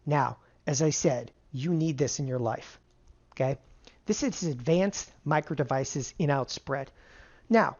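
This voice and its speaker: A man teaching an online trading seminar, animated, constantly asking rhetorical questions and answering them himself. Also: a little high, moderate pace, highs cut off. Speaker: options trading instructor. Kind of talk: energetic online seminar lecture.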